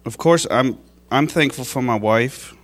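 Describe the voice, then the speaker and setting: A man's voice: medium pitch, a little slow. A man giving an emotional church testimony, heartfelt and at times tearful, laughing at his own past.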